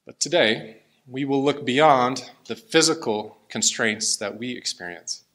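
A man's voice: mid-range voice, a little slow, fairly bright tone. A man preaching a sermon and reading scripture aloud, in an earnest and emotional way. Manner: earnest, emotional, tearing up at times.

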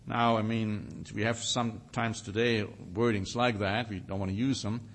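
A man teaching a sermon, reading scripture with rising emphasis and slowing down to stress single words. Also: mid-range voice, a bit bright. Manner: reads scripture aloud with rising emphasis, then comments. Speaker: preacher.

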